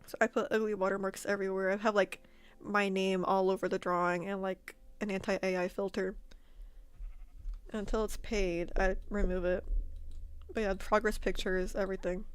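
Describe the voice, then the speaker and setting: A woman streamer and artist telling a story to her chat in a casual, animated way, laughing often and repeating words. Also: mid-range voice, normal speed, clear, resonant tone, dry recording. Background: faint background music.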